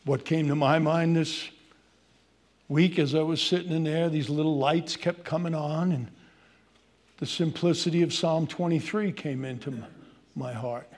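A man preaching a sermon, swinging from loud emphasis to hushed pleading as he addresses his congregation. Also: on the high side, steady tone, normal speed. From Irish heritage. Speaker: pastor.

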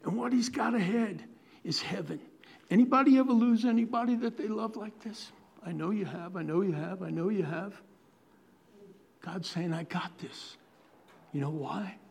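High-voiced preaching pastor, loud to hushed. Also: male voice, vocal fry, husky. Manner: swings from loud, drawn-out preaching to hushed near-whisper; earnest, pleading, conversational. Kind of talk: sermon.

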